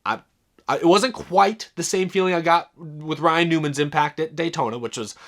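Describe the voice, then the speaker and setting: A young man hosting a casual solo race review, talking in an animated, enthusiastic way with lots of fillers and restarts. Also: fairly high pitch, normal speed. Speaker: racing commentary host.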